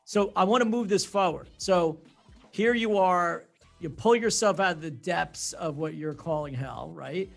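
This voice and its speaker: A man's voice: high voice, a little slow, gravelly, soft background music. A man hosting an interview podcast, praising his guest and often restarting mid-sentence. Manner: enthusiastic, builds up the guest. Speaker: podcast host.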